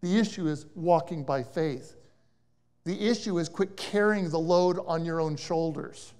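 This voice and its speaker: A man preaching a sermon as a guest speaker, telling a story with bursts of loud emphasis and quiet asides. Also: a little high, measured pace. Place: church service.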